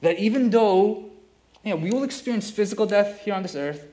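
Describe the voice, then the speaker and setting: A man preaching a sermon as a pastor, earnest and steady, repeating key phrases for emphasis. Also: sits high, brisk.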